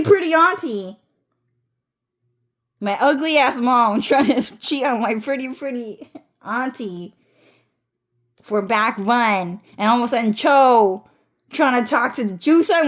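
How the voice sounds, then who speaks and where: A woman talking straight to her viewers in a loose storytime vlog. She rambles, swears freely and keeps breaking into laughter. She often stumbles and restarts her sentences as she goes. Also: on the high side. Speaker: vlogger.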